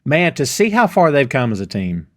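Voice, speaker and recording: A man's voice: mid-range voice, big pitch swings, moderate pace, no room sound, clean studio sound. Enthusiastic man recapping a show. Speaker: podcast co-host. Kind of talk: casual review chat.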